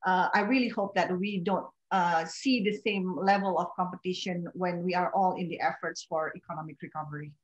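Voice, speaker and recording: A woman, a doctor and panel speaker, giving an unscripted webinar summary over a video call, halting with frequent fillers. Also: fairly low pitch, steady tone. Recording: dull muffled video-call audio.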